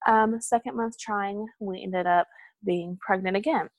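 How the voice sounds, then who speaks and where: A woman's voice: mid-range voice, steady tone, measured pace, no echo. A young woman telling a personal story in a candid, rambling way, with many ums and asides. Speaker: hospital supervisor sharing a personal story.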